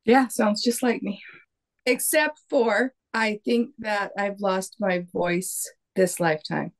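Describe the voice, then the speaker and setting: Unhurried woman host giving short replies. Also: medium pitch. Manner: brief, unhurried answers.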